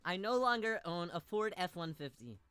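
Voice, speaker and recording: A woman's voice: lowish voice, lively intonation, normal speed, fairly bright tone, smooth, no echo. A young woman streaming a game, reading its narration aloud between playful, giggly jokes.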